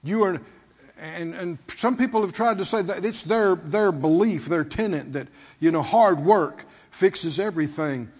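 Male pastor, husky and high-pitched, preaching in a roomy hall with dull sound. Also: a little slow, darkish tone. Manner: preaching with call-and-response rhetorical questions. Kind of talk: sermon.

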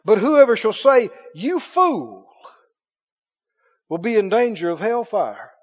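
A man preaching a sermon as pastor, reading scripture aloud with animated delivery. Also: high voice, slow pace, slightly rough. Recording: dull sound in a long-reverb hall.

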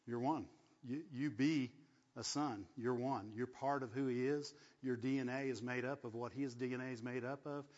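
A man preaching a sermon, often repeating words and asking the congregation "right?". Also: mid-range voice. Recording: dull sound, long hall echo.

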